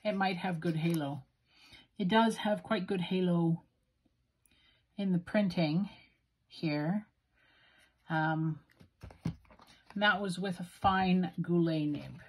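A woman's voice: fairly low pitch, takes it slowly, pauses often, slightly rough. A woman with a Western Canadian accent, musing aloud in a self-deprecating way as she swatches inks. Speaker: stationery video host. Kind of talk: casual narrated ink swatching.

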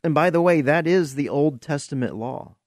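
A man's voice: fairly high pitch, moderate pace, dry recording, clean studio sound. A man hosting a podcast, giving an earnest, emphatic preaching-style monologue with vivid storytelling. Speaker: podcast host.

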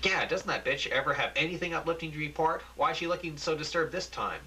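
A man's voice: on the high side, quick pace, sharp tone, distant mic, a little hiss or hum. Teresa, a man voicing a scornful woman. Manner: scornful, impatient. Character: irritable woman watching TV, scornful.

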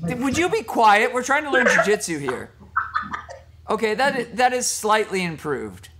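Brief: teasing jiu-jitsu instructor, high male voice, noisy video call line. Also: sing-song, normal speed. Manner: joking, teasing coach giving technique corrections. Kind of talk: online class instruction.

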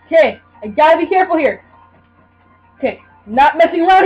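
A young woman commentating her own gameplay, mumbling at times and then yelling and screaming in frustration. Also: sing-song, fairly quick, highs cut off, faint music behind. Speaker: gamer. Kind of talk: let's play commentary. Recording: low mains hum.

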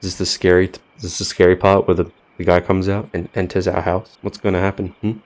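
A man's voice: low voice, little pitch movement, brisk. A man commentating a game he is playing, sarcastic and baffled, often laughing. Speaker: gaming YouTuber. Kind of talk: let's play commentary.

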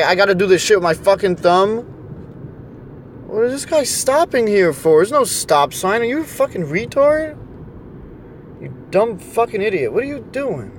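A man's voice: high-pitched, a little hiss or hum. A man with a New Jersey accent and a sore throat, ranting with constant cursing in a car as he plays a phone game, recorded on a phone. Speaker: channel host. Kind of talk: profane rant while playing a phone game in a car. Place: car, on city streets.

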